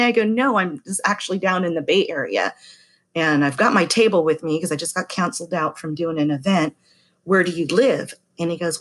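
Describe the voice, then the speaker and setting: Middle-aged woman storyteller, lowish voice, chatty, mimics others in her tale. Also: brisk. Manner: chatty, acts out quoted voices. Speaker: massage therapist telling a story. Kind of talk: casual storytelling.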